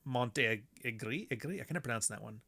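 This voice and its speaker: A man's voice: medium pitch, expressive, moderate pace, creaky, sharp tone. A man streaming a block-building game, chatting casually with friends and rambling with plenty of swearing. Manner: rambling, profane, laughs often. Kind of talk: casual chat while playing a game.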